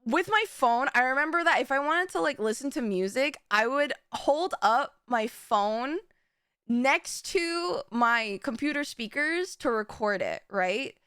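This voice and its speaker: Young woman streamer, bright, sharp tone, animated storyteller who swears freely. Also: high voice, measured pace, clear, resonant tone, dry recording, studio quality. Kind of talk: casual chat.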